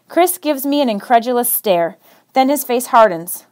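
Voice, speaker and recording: A woman with a high voice reads a children's novel aloud, in a steady, expressive way. Her pacing is even and unhurried, as in a radio reading. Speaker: reader on a radio book show.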